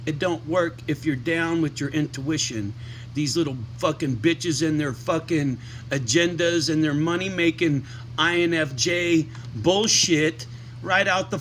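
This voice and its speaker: A man's voice: on the high side, a bit bright, a little hiss or hum. A man vlogging to his followers, ranting with heavy profanity and emphatic, heated delivery. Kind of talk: casual rant to camera.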